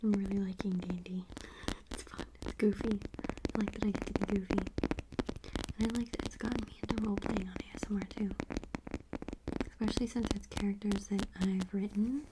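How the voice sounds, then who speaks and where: A young woman rambling in a soft-spoken ASMR style, slipping often into a whisper, at home in her apartment. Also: mid-range voice, steady tone, a little fast, pauses often, very noisy. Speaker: ASMR creator. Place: apartment room. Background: faint tapping and scratching clicks.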